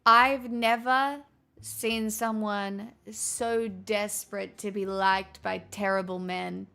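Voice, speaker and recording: Woman streamer hamming up a fake transatlantic accent, draggy slow talk, lots of swearing, faint music behind. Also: medium pitch, monotone, vocal fry, clean tone. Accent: put-on transatlantic. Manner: drawn-out theatrical delivery, frequent swearing and laughs. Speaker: live streamer chatting with viewers. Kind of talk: casual stream chat in a put-on transatlantic accent.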